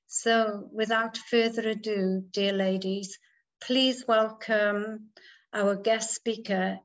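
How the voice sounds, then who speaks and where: A woman host reads a formal introduction for a guest speaker. She talks very slowly and keeps her pitch flat and steady. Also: highs cut off. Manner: formal, measured. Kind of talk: read-out introduction.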